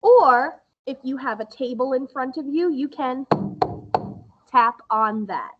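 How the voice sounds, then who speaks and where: A woman music teacher giving a recorded lesson to young children, explaining slowly and patiently in a sing-song way. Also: sits high, animated, highs cut off, noisy background.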